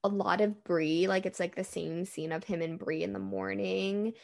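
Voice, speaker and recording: A woman's voice: mid-range voice, steady tone, normal speed, gravelly, a little mellow. A young woman co-hosting a casual podcast, laid-back and filling her talk with "like" and "dude". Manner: casual, says "dude" and "like" a lot. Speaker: podcast co-host. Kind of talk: casual chat.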